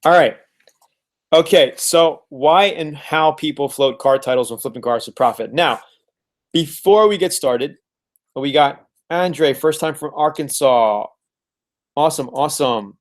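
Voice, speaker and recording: A man's voice: a little high, measured pace. A man hosting a casual live stream from home, upbeat and fond of repeating words as he greets viewers. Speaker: host of a live car-flipping webinar.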